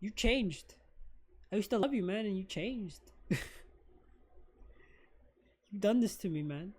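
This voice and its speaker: A woman co-hosting a casual fan discussion, ranting excitably with lots of swearing. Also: medium pitch, slow pace, husky. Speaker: co-host of a fan discussion show. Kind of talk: casual chat.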